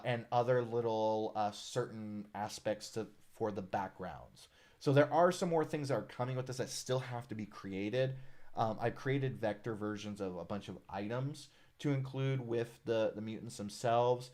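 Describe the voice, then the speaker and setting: He speaks at a moderate pace in a medium-pitched voice, hosting a casual live stream for the character art project he designed. Relaxed and friendly, he rambles with lots of "uh"s and reads viewers' comments aloud.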